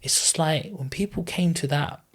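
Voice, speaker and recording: Husky man in his thirties, heartfelt. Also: fairly high pitch, moderate pace. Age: 30s. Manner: earnest, heartfelt, rambling retelling. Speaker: podcast guest. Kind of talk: emotional personal storytelling.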